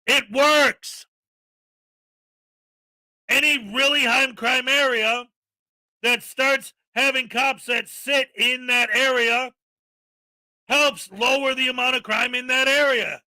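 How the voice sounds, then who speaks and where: A man's voice: very high voice, steady tone, slow, long pauses, pushed and bright, no echo, rough recording. A man hosting a commentary channel, ranting with sarcastic exasperation.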